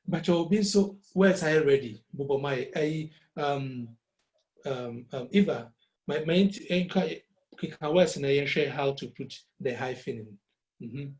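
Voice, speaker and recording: Ghanaian guy teaching music, slow and patient, kinda high voice, echoey room. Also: a little mellow. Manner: patient, repeats words syllable by syllable. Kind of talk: classroom lesson mixing Twi and English.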